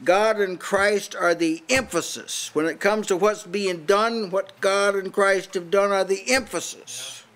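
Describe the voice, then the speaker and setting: A man's voice: high voice, unhurried, hardly any pauses, a bit bright. An older man preaching a sermon at a house church meeting, emphatic and challenging, often restarting his sentences.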